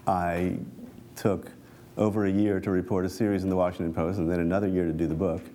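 A man, a reporter and author, reads aloud from his book at a talk with dry, wry asides, then answers questions with halting restarts. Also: low-pitched, flat delivery, dark tone.

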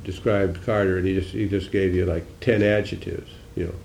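Gravelly-voiced older man, dry wit. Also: deep voice, little pitch movement, brisk, a little mellow, echoey room, slight background noise. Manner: dry, wry humor, musing and digressive. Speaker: senator answering audience questions. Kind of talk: political talk with audience Q&A.

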